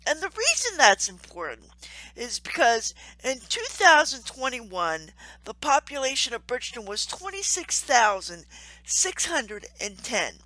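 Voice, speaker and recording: A woman hosting her own channel, speaking earnestly and warmly to camera, with frequent ums and soft laughs. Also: on the high side, dry recording, rough recording. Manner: earnest, heartfelt, with many ums and gentle laughs. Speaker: crafts channel host and Salvation Army volunteer. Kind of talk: casual to-camera appeal.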